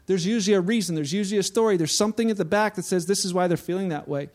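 High-voiced pastor preaching conversationally. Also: male voice, racing, a little mellow. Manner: conversational, with acted-out anecdotes and frequent restarts. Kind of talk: sermon.

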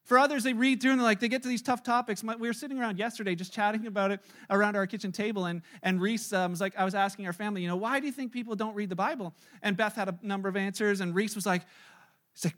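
High-voiced man preaching conversationally. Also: fairly even intonation, quick pace, fairly bright tone. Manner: conversational, acts out quoted voices. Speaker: pastor. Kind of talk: sermon.

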